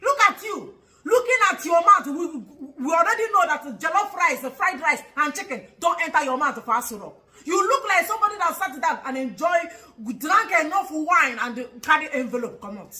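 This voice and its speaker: A woman with a Nigerian accent delivers an angry vlog commentary, firing rhetorical questions, laughing mockingly and sometimes shouting. Her voice is high, bright and sharp. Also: lively intonation, moderate pace, low-quality recording.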